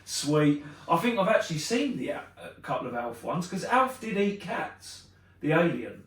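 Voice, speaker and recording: A man's voice: fairly high pitch, very animated, moderate pace, fairly bright tone, recorded from a distance. A man co-hosting a live podcast, chatty and wry, laughing often. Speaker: podcast co-host. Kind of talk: casual live podcast chat. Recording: very echoey room, off-mic.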